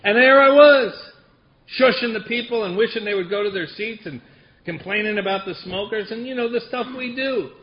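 A man tells a long personal story with a wry, self-deprecating humor, laughing at his own jokes. His voice sits a little high for a man. The recording is dull and lo-fi, with a faint hiss underneath. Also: fairly quick. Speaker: speaker sharing a recovery story.

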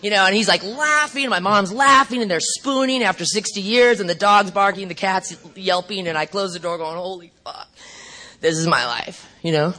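Blunt, profane woman with a bright voice. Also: medium pitch. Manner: profane, blunt, animated storytelling with quick asides. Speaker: main speaker at a recovery meeting. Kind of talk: recovery meeting share.

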